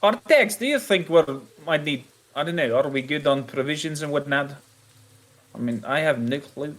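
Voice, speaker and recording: A man playing a tabletop game, talking casually with halting fillers. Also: fairly high pitch, lively intonation, a bit bright. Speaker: player.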